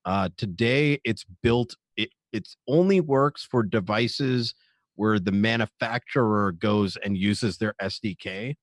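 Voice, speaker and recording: A man's voice: lowish voice, takes it slowly, dry recording. A man talking in a casual panel chat, hesitant with many fillers and restarts. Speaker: streamer panelist.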